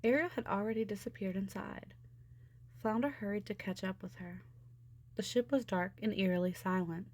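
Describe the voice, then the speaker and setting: A woman narrating a children's storybook with an expressive, steady delivery. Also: medium pitch, normal speed. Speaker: storybook reader. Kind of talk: storybook read-aloud.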